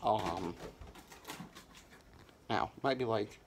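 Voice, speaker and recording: Young male comic, mock presidential pitch, deadpan rambling bluster. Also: normal speed, slight background noise. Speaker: comedian. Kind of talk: mock campaign speech.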